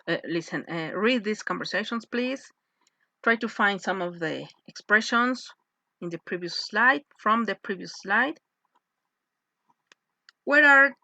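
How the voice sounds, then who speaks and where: A woman teaching an English lesson, slow and patient, often checking in with "yes?" as she explains. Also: medium pitch, bright, forceful tone, dry recording. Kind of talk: slow classroom lesson with read-aloud phrases. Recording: dull lo-fi voice recording.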